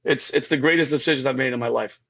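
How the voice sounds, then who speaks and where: A man's voice: mid-range voice, fast talker, creaky, a bit bright, highs cut off. A man on a podcast telling his faith story with feeling. He rambles and stammers through restarts and keeps calling the host by name. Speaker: podcast guest. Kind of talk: emotional faith testimony in casual talk.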